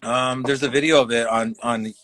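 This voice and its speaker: A man's voice: medium pitch, steady tone, moderate pace, a bit bright, no echo. A man from Canada, a comedian guest, telling a rambling, profane story in casual chat and acting out the quotes heatedly. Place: livestream talk show.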